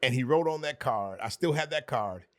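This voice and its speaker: A man's voice: mid-range voice, animated, normal speed, a bit bright. A man, a podcast guest, telling an earnest personal story with emphatic repetition.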